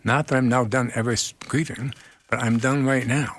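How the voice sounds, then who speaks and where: A man speaking as a guest therapist in a radio interview, earnest and animated, laughing often as he tells stories. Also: medium pitch, normal speed, dry recording.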